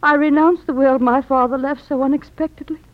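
An actress playing an earnest young daughter who speaks in a tearful, pleading way, in vintage stage-play style. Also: female voice, high-pitched, steady tone, a little fast, dry recording, close to an everyday voice. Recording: muffled lo-fi old recording.

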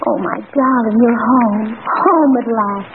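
A woman's voice: fairly high pitch, slow, narrow, tinny audio. A woman playing a melodramatic young woman who welcomes a wounded soldier home, emoting in overwrought 1940s radio style on a scratchy old broadcast. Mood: tender, anxious. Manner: gushing, overwrought stage emoting.

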